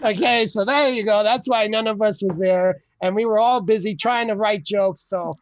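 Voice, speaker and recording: A man hosting a comedy open mic over a video call, telling an animated, exasperated bit and laughing at his own jokes. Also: high voice, moderate pace, noisy background. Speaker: comedy show host.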